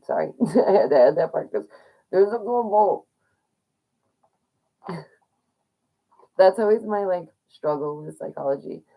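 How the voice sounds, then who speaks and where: A woman's voice: deep voice, dark tone, low-quality recording. A young woman talking casually to her viewers, chatty and encouraging, often laughing between points. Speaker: vlogger. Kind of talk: casual talk to viewers about loneliness.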